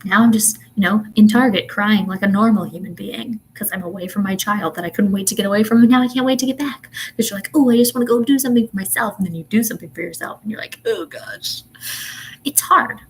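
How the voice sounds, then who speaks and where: A woman's voice: medium pitch, quick pace, low-quality recording. Young woman, casual livestream rant, chatty and exasperated, faint background hiss. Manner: chatty, exasperated, frequent ums and laughs. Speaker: vlogger and mother.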